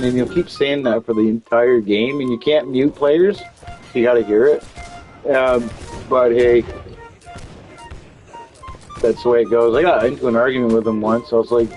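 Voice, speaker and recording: A man's voice: mid-range voice, moderate pace, faint music behind, poor audio. A man chatting casually while he plays a game, rambling, swearing often and restarting his sentences. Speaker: gaming channel host.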